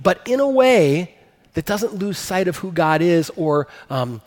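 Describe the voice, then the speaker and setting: A man's voice: sits high, sing-song, a little slow, a little mellow, long reverb tail. A man preaching a sermon as a pastor, earnest and emphatic, rising to stress his points.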